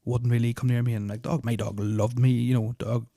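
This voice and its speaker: Fast-talking man, rambling. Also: medium pitch, flat delivery, gravelly, mellow, no echo, clean studio sound. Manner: rambling, full of "like" fillers, restarts and swearing; nervous, uneasy retelling. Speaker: podcast host. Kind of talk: casual storytelling of personal experiences.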